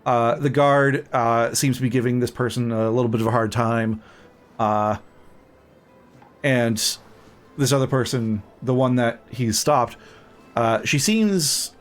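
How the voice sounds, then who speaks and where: A man narrating a tabletop game as game master, relaxed and hesitant, with many fillers. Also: medium pitch.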